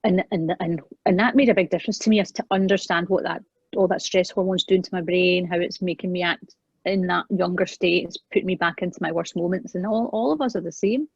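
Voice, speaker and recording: A woman guest in an interview, earnestly telling a personal parenting story and acting out the quoted lines, often trailing off softly. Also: lowish voice, brisk, creaky, husky, dry recording. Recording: dull, dry, lo-fi sound.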